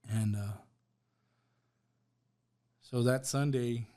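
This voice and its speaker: Medium-pitched, steady, and warm, this man talks extremely slowly as a podcast guest telling a personal story in casual conversation. He retells it with quoted dialogue and keeps dropping fillers like "right?" and "bro."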